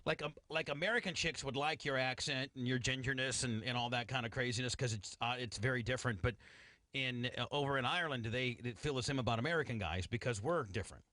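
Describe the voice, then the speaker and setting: Male radio host, quick and bright, dry studio, crude joking banter. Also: medium pitch, no room sound. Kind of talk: casual interview chat.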